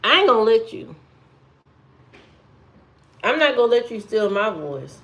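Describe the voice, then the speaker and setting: A woman's voice: a little high, very animated, measured pace, a bit bright. Female livestreamer, casual and playful, sassy running banter with the audience.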